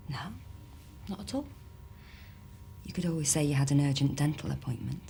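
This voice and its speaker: A quiet, dry detective. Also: female voice, low voice, moderate pace, vocal fry, background noise. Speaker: police officer.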